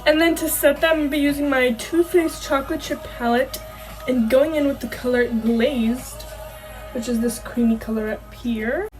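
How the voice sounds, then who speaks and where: A chatty young woman with a bright, high voice talks her way through a makeup tutorial, a little self-conscious and quick to laugh at herself. She speaks into a camera mic, with faint music playing softly behind her. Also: rough recording. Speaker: beauty vlogger. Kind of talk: casual makeup tutorial chat. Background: faint background music.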